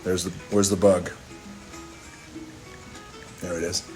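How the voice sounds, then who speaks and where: A man's voice: sits low, level tone, slow pace, darkish tone, faint music behind. A man hosting a phone live stream, telling a casual, profane story with chuckles along the way. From Hawaii. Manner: loose, profane, chuckling anecdotal delivery.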